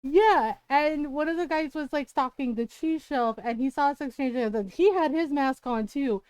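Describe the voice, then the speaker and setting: A woman's voice: high voice, moderate pace, a little mellow, dry recording. A woman livestreamer telling a story in casual chat, full of "like" and "right?", swearing freely when exasperated. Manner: chatty, peppered with "like" and "right?".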